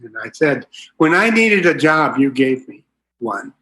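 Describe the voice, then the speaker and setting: A man's voice: mid-range voice, sing-song, unhurried, sharp tone. Older man telling a rambling recovery story. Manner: folksy, rambling storyteller with many fillers. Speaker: recovery meeting speaker. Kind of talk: personal recovery talk.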